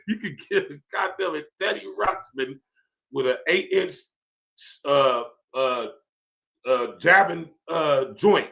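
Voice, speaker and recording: A man's voice: mid-range voice, expressive, slow, vocal fry, sharp tone. A man hosting a podcast, ranting in a casual, profane way, laughing often and reading viewer comments aloud. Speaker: podcast host. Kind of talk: casual livestream rant.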